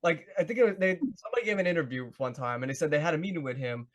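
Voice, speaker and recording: A male host asking questions in a casual interview, rambling and halting with many "like" fillers. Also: a little high, expressive. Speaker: podcast host.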